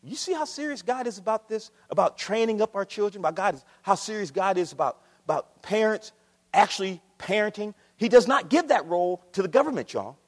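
A man from Ohio preaching a sermon, swinging between loud declarations and quiet asides as he addresses the congregation. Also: high-pitched, lively intonation, brisk, in a large hall. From Akron, Ohio. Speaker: pastor.

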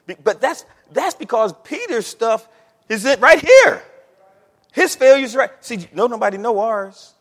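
A male preacher delivers a sermon in a high, lively voice that swings widely in pitch. He talks straight to the congregation in a loose, conversational way. His voice rings out with a long echo through the church hall. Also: a little slow. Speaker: pastor.

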